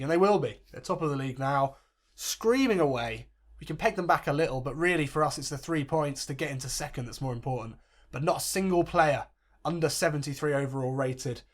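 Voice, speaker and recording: A man commentating his own football video game play by play, swearing and yelling when things go wrong. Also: medium pitch. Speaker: gaming commentator.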